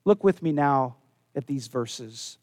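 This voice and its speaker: A man preaching a sermon, earnest, dropping low and soft when he quotes scripture. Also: lively intonation, slow pace, no echo, clean studio sound. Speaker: pastor.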